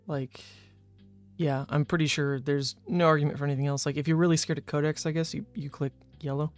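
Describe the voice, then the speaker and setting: A man's voice: fairly high pitch, smooth, no room sound. A young man from New Orleans, streaming a card game and chatting casually with viewers as he thinks through his plays aloud. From New Orleans, Louisiana, USA. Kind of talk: casual live-stream commentary.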